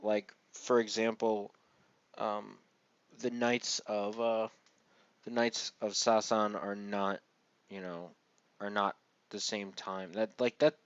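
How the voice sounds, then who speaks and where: A man's voice: lowish voice, no room sound, dull audio. A man casually reviewing a manga chapter, rambling with many fillers and the occasional sarcastic aside.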